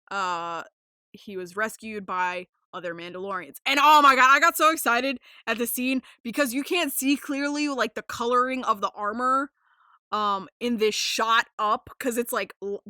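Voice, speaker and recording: A young woman hosting a casual podcast, rambling with lots of fillers, swearing freely and getting excited. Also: mid-range voice, dry recording, clean studio sound. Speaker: podcast host.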